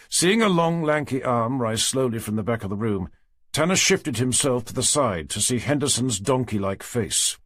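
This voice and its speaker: A man reads a detective story aloud in a measured, low-key manner. His husky voice moves freely in pitch, and the recording is close and dry. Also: lively intonation, fairly bright tone, no echo. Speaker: audiobook narrator. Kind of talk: scripted narration.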